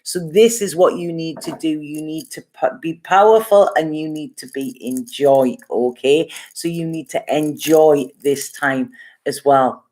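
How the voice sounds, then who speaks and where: A woman's voice: sits low, a little slow, warm tone. A woman with a Geordie accent from Gateshead, giving a casual, chatty tarot reading and reassuring listeners with frequent okays. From Gateshead, North East England. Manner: chatty, reassuring, says okay often. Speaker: tarot reader.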